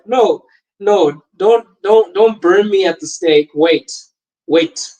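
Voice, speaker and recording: Laughing, animated young man on a livestream. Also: high-pitched, slow pace, low-quality recording. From Botswana. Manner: laughs often, animated and jokey. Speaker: podcast host reading live chat. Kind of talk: casual live-stream chat.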